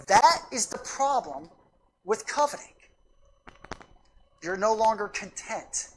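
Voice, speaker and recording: A woman pastor delivers a Sunday sermon in a church sanctuary, driving her points home by repeating them. Her pitch sits in an ordinary middle range, and a faint hiss lies under the room. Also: sing-song, a little slow, pauses often. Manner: emphatic, repetitive preaching with anecdotes.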